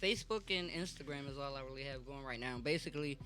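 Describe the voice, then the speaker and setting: A woman's voice: a bass voice, fast, fairly bright tone, soft background music. A woman from Baltimore, a comedian guest on a radio show, joking, playful and blunt. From Baltimore, USA. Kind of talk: casual radio interview.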